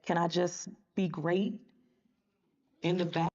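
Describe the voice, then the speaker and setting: A woman's voice: on the low side, level tone, takes it slowly, a little mellow, highs cut off. A woman giving a motivational speech on a conference stage, emphatic and colloquial, talking straight to the audience. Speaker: motivational speaker.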